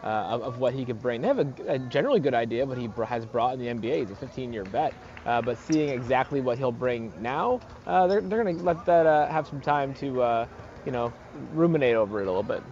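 A man's voice: mid-range voice, expressive, fast, darkish tone, slight background noise. A man, a sports reporter calling in by phone from an arena, talking casually and rambling with many fillers. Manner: rambling, lots of fillers and restarts. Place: arena in another city. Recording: dull phone-in line.

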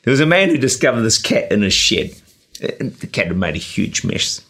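Gravelly New man preaching. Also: lowish voice, big pitch swings, brisk, fairly bright tone. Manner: earnest, exhorting, with frequent 'uh' and 'you know'. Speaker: pastor and radio preacher. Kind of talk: sermon. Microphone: camera-recorded sermon.

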